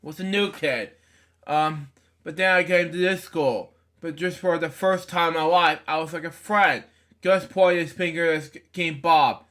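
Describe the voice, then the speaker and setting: Slow, stumbling man reading a storybook aloud. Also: a little high, a bit bright. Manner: stumbling, rambling comments between pages. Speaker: storybook reader. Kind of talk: reading a children's book aloud with asides.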